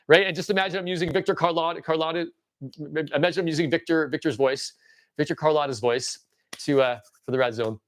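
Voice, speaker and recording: A man in his forties hosting a casual livestream show-and-tell, rambling with stammering restarts and excited tangents. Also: sits high, fast. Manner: excitable and enthusiastic. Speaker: livestream host.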